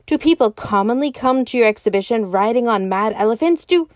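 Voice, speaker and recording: A woman voicing a furious male secretary who shrieks and shouts savagely while reading a story. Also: fairly high pitch, expressive, fairly quick, no room sound, studio quality, natural voice. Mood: angry.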